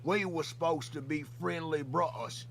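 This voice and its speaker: A man joining a livestream as a guest, ranting in an exaggerated put-on accent that is hard to follow, rambling and profane, with bursts of shouting. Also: fairly high pitch, normal speed, vocal fry, crowd noise. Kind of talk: rowdy comedic rant.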